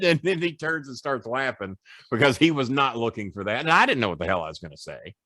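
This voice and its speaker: A man's voice: medium pitch, fast, no echo, studio quality. A middle-aged man, a former wrestling manager, telling boastful, profane stories as a podcast guest. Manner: boastful, profane, animated storytelling. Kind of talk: casual storytelling.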